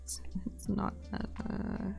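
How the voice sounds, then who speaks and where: A young woman streamer chatting casually while she draws, sarcastic and slangy, swearing freely and slipping into soft whispery asides. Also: slow, faint music behind. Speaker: live streamer.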